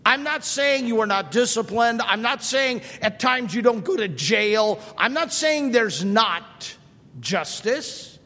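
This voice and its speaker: Animated high-voiced middle-aged preacher man. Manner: animated, rhetorical questions, emphatic repetition. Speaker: pastor. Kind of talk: sermon. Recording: long reverb of a large hall.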